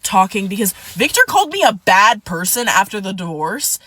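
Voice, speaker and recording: Woman, storytime chat, exasperated, animated, mid-pitched voice. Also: normal speed, husky.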